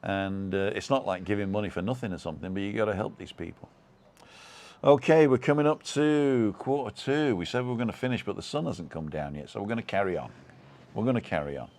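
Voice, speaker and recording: A British man hosts a live stream from home, reading viewer comments aloud and chatting in a loose, rambling way. His voice sits very low, and he leans on fillers and false starts. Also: fast talker. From United Kingdom.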